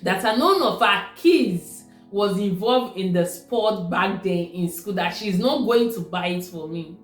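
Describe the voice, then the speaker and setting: A woman's voice: medium pitch, animated, unhurried. Nigerian woman, casual storytelling, roomy echo, faint music behind. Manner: conversational, repeats herself. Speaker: vlogger. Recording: echoey room with faint music.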